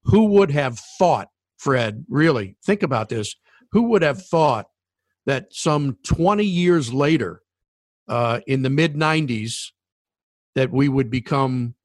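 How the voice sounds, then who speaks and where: A middle-aged man tells a sports story with real enthusiasm, stumbling over restarts as he gets excited. His voice sits close and dry, with no room sound around it. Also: medium pitch, takes it slowly, no echo. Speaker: sports broadcaster and former referee. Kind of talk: casual storytelling conversation.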